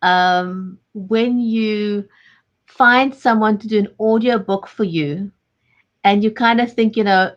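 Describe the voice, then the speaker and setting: Female talk host, mid pitch, affirming repeater; muffled lo-fi call sound. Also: slow pace. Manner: warm, affirming, repeats phrases. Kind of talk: interview conversation.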